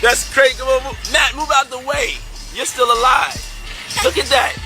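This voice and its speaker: A man boasting in a party video clip, loud and sing-song. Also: very high voice, steady tone, normal speed. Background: hip hop music.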